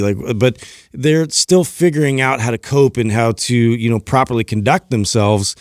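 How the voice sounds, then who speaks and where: A man speaks in a measured, reflective way, often pausing on fillers. His voice is in the middle range. The sound is dry, with no room echo. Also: mid-range voice. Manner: thoughtful, measured, many fillers. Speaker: podcast co-host. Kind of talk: casual chat.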